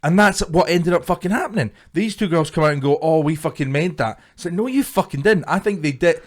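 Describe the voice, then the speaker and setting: A man's voice: on the high side, fast. A young man co-hosting a podcast, chatting casually with plenty of swearing. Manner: sweary, backs the other host up with lots of yeahs. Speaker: podcast co-host. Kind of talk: casual chat.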